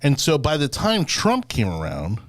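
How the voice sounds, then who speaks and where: A man hosts a loose political talk show, circling his points with "you know" and plenty of restarts. His voice sits at an ordinary pitch and sounds dry and close, with no room around it. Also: huge pitch swings, measured pace, no echo. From Florida. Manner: rambling, many fillers and restarts. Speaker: podcast host. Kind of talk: casual political chat.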